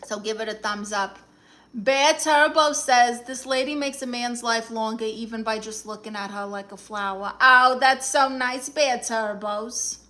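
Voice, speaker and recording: A woman playing a brassy, sassy aunt from Brooklyn who poses as a therapist, with a New York accent, firing back quick comebacks as she reads viewer comments aloud on a phone live stream. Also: a little high, sharp tone. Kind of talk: comedic improvised live stream.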